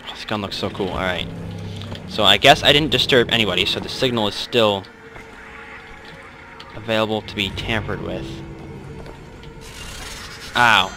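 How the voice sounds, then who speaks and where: A young man commenting on his own gameplay, excitable, swearing and muttering asides. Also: lowish voice, moderate pace, long pauses, music in the background. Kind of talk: let's play commentary.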